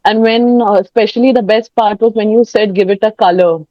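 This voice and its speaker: A woman with an Indian English accent sharing workshop feedback quickly, searching for words. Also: medium pitch, fairly even intonation, mellow, no room sound, lo-fi sound. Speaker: workshop participant.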